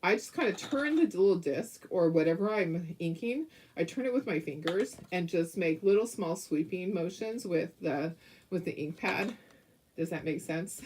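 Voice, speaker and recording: A woman's voice: on the low side, expressive, moderate pace, a little mellow, a little hiss or hum. A middle-aged woman hosting a casual craft tutorial at home, chatty and giggly, often restarting her sentences. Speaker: craft host.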